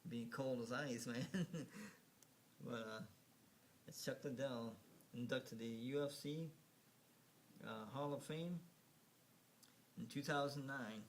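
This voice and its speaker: A man's voice: medium pitch, slow, pauses often, a little hiss or hum. A man casually narrating a slideshow, rambling and hesitant, full of fillers and restarts, chuckling at his own remarks. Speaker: video narrator.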